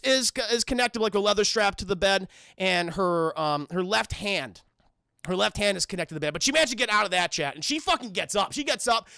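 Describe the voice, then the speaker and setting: A male streamer recaps a film for his chat, swearing freely and rambling through fillers and restarts. His voice is high and gravelly with a bright, tense edge. The sound is dry and close. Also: dry recording. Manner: profane, rambling, many fillers. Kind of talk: casual spoiler recap to chat.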